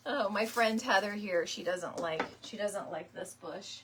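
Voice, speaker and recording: A woman's voice: mid-range voice, slow pace, background noise. Chatty woman hosting a craft live stream. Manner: chatty, laughs often, greets viewers by name. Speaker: wreath-making live stream host. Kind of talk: casual chat while crafting on a live stream.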